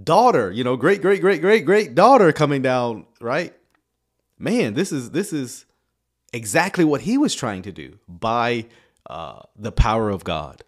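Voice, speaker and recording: Sarcastic man with a lively voice. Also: mid-range voice, measured pace. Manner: sarcastic, chuckling asides. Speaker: video commentator. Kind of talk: reaction commentary.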